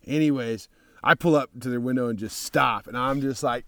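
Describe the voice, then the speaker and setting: A man from Texas, a motorcycle traveler, telling a rambling, profane travel story in a casual, excitable way. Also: mid-range voice, normal speed, slight background noise.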